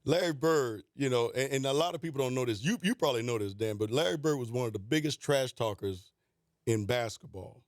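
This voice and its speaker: A man in his fifties sits in a radio studio as a guest and tells lively anecdotes, quoting people along the way. The studio mic gives his middle-pitched voice a close, dry sound. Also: a little fast, no echo. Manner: animated anecdotes, quoting players, laughing. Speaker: guest, former basketball coach. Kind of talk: storytelling in a radio interview.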